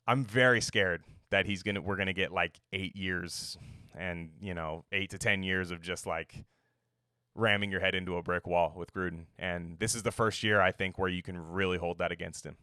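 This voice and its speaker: Low-voiced man in a rambling sports rant. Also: a bit bright, clean tone, dry recording, clean studio sound. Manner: rambling, profane, jokey, acts out quotes. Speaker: sports podcast host. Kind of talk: casual sports commentary monologue.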